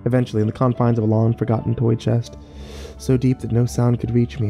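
Male horror storyteller, deep mellow dark tone, wistful and unhurried, soft music underneath. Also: flat delivery, vocal fry. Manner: slow, wistful, with small restarts. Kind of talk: first-person horror story narration.

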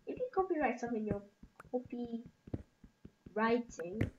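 A woman's voice: fairly high pitch, animated, slow pace, dull audio. A woman hosting a gaming channel, chatting in a rambling, jokey way to her viewers while she plays. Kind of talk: casual let's-play commentary. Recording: echoey room with clear background noise.

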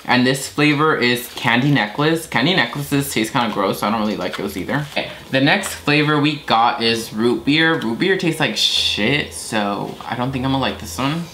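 A man's voice: medium pitch, moderate pace, few pauses, bright, forceful tone. A young man chatting casually as host of his own vlog, unfiltered and swearing now and then. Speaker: vlogger. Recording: noisy home video.

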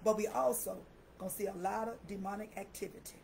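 A woman's voice: mid-range voice, steady tone, fairly quick, creaky, mellow, husky, poor audio. An older woman minister preaching and praying with fervent, repetitive declarations, often breaking into laughter. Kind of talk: live-streamed preaching and prayer.

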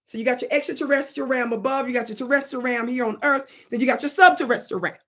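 High-voiced woman vlogger telling a story. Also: quick pace. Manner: animated and preachy, plays with words. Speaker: channel host. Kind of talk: storytelling commentary monologue.

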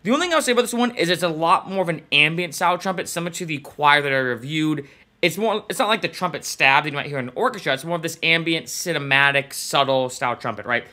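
A man's voice: fairly high pitch, lively intonation, fast, sharp tone. A man hosting a casual plugin review show, chatting informally with fillers as he demonstrates sounds. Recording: trumpet music behind voice.

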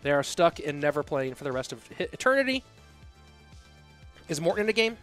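A man's voice: a little high, animated, quick pace, fairly bright tone, soft background music. A man hosting a live stream, rambling and joking casually as he talks straight to his viewers from his home setup. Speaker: stream host and caster.

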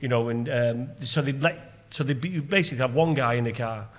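A man co-hosting a podcast, telling a story in quick, animated casual pub chat. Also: mid-range voice, long reverb tail. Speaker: podcast co-host.

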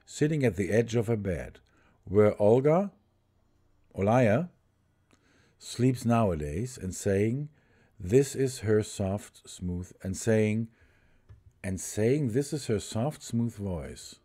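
A man streaming a story game live, reading its text aloud haltingly, restarting lines and chatting with his viewers in between. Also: lowish voice, expressive, dark tone.

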